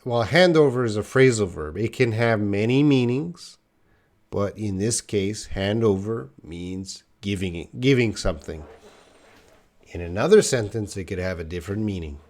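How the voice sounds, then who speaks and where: A man's voice: fairly low pitch, animated, moderate pace, darkish tone. Man teaching English live. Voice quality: plain, patient explaining, reads out viewer questions. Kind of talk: live online English lesson.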